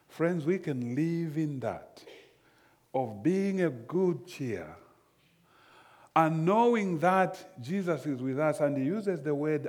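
A man preaching a sermon slowly and emphatically, often repeating phrases. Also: on the high side, very animated.

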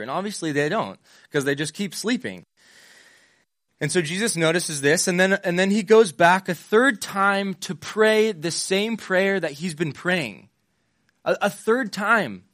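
A man's voice: a little high, expressive, moderate pace, fairly bright tone, no echo, studio quality. A young man giving a casual sermon, retelling Bible scenes in modern slang and playing the parts.

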